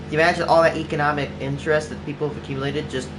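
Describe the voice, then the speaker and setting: A man with a slightly raised voice talks loosely to his stream chat while gaming, circling his points and restarting sentences, with many "like"s. Clear background music plays behind him. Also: a little high, flat delivery, very fast. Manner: rambling, full of "like" and restarts. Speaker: livestreamer. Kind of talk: casual chat while playing a game on stream.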